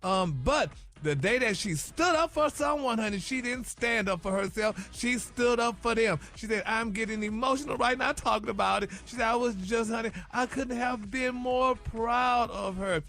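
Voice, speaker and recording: A man's voice: extremely high pitch, normal speed, hardly any pauses, sharp tone, faint music behind. A man delivering celebrity gossip on morning radio in a sassy, chatty way, tossing in "honey" and "y'all" all the time.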